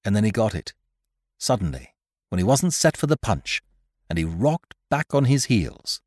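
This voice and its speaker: A man reading a comic story aloud in first person, with an expressive, theatrical delivery. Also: on the low side, moderate pace, no room sound, studio quality. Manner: lively and theatrical, bright comic timing. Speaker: audiobook reader.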